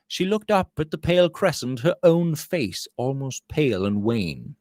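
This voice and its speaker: A man's voice: sing-song, a little slow, a little mellow, no echo. Guy reading a victorian novel, voice goes all over the place, dry close sound. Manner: voices dialogue with rising pitch and volume. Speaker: audiobook reader.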